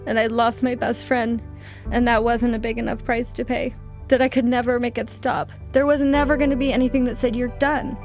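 A woman guest telling a personal story in an interview, halting and emotional, with frequent restarts. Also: on the high side, little pitch movement, a little mellow, faint music behind.

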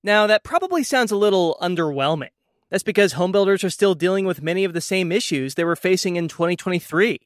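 A man radio reporter narrating a scripted economics news story in a measured way. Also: sits high, lively intonation, dry recording, studio quality.

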